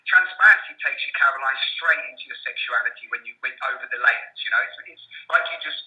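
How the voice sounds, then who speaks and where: A man's voice: medium pitch, fast talker, sharp tone, muffled recording. A man in his thirties, a guest coach in an interview, talking in a rambling way with many restarts. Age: 30s. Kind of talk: interview conversation.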